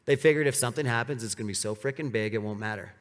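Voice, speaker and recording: A man's voice: medium pitch, rapid-fire. A man giving a live storytelling talk to an audience. He speaks casually, with lots of "like" fillers, and acts out the quoted dialogue. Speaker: presenter at a speaker series. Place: event venue with audience. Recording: long reverb of a large hall.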